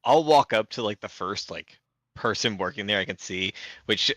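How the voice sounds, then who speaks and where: A man's voice: on the low side, lively intonation, normal speed, a bit bright, dry recording. A man playing a tabletop game, speaking hesitantly with many fillers. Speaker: player. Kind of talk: casual chat during a tabletop game.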